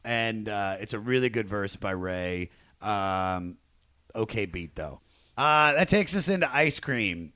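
A man's voice: fairly low pitch, animated, takes it slowly, sharp tone, no room sound. Man rambling as podcast host, dry sound. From Maryland, USA. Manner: rambling, self-interrupting, laughs easily. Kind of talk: casual chat.

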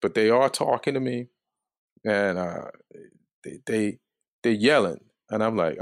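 A man with a low voice tells a story casually. His delivery is calm and mostly monotone, and the sound is dry and close. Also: a little slow, vocal fry, pauses often, no echo. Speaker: comedian guest.

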